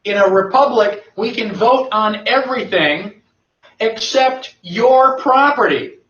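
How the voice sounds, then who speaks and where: Emphatic male lecturer, fairly high voice, distant and muffled in a roomy hall. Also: takes it slowly, a bit bright. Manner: emphatic, rhetorical questions answered himself. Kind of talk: lecture to a live audience. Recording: echoey, distant, dull lo-fi.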